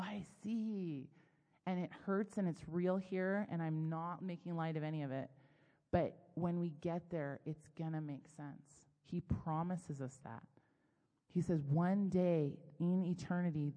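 Middle-aged woman preacher, low-ish voice, chatty storyteller, big reverberant hall. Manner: chatty, self-deprecating, animated storytelling. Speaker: speaker at a church gathering. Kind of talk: conversational sermon.

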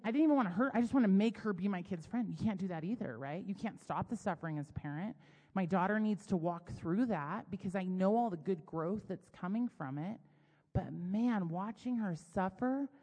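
A middle-aged woman giving a casual, self-deprecating sermon full of personal stories. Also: mid-range voice. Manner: chatty, self-deprecating, animated storytelling. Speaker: speaker at a church gathering. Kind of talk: conversational sermon. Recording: long hall reverb.

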